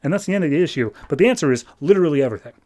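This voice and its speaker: A man's voice: a little high, lively intonation, racing, dark tone. A man hosting a comic book podcast, recapping an issue in a casual, rambling way with wry, sarcastic asides.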